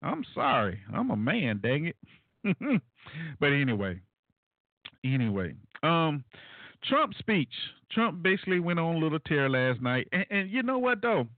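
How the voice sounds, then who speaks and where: A man hosting a call-in radio talk show, commenting alone in a casual, animated way with many fillers and asides to his listeners. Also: fairly high pitch, measured pace, no echo. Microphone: phone line. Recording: tinny phone-line radio, dry.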